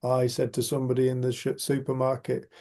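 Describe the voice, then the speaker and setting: Leading a casual group chat on a video call, a middle-aged man from Cumbria, Northern England, talks a little fast in a mid-range, dark voice with a completely flat delivery. He has a Cumbrian accent, and is chatty and teasing, dropping the occasional swear word.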